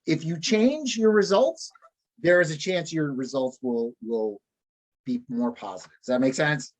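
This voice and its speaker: A man's voice: on the high side, unhurried. A man leading a live online sales training session, repeating key points emphatically and checking in with his trainees.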